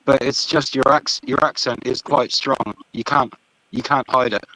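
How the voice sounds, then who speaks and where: Man, mid pitch, dry close sound, blunt but kind panelist. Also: steady tone, moderate pace, bright, forceful tone, dry recording, rough recording. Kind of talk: casual panel discussion.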